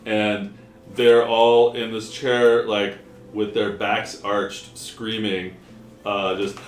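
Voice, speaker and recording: A man's voice: fairly low pitch, level tone, slow, a little hiss or hum. A man running a tabletop game at home, narrating loosely with many fillers and laughs. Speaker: game master. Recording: echoey room.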